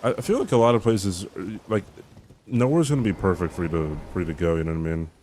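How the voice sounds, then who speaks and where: A man's voice: sits low, quick pace, darkish tone, a little hiss or hum. A man streaming a game, chatting casually with his viewers in a rambling way, swearing and laughing as he reads the chat.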